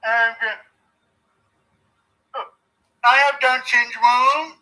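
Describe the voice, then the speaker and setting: A man doing a mocking comic impression of an adult male fighter, in a slow and halting manner, played from a clip. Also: extremely high pitch, steady tone, sharp tone, full character voice, low-quality recording.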